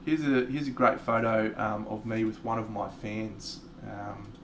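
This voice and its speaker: A man's voice: lowish voice, little pitch movement, unhurried, a little hiss or hum. An Australian man streaming live, telling a rambling, profane story with frequent restarts.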